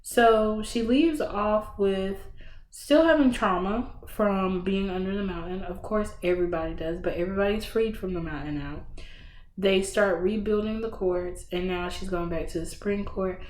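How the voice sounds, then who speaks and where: Animated woman recapping a book, roomy sound. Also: medium pitch, moderate pace. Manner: animated, slangy storytelling with sudden bursts. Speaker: book podcast host. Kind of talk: casual book review chat. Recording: roomy echo.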